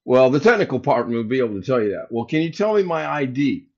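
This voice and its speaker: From his home livestream, a man from the United States tells his chat a story, performing both sides of a phone call. His medium-pitched, slightly mellow voice moves fast with lively intonation and hardly any pauses. Sound quality is slightly dull and lo-fi.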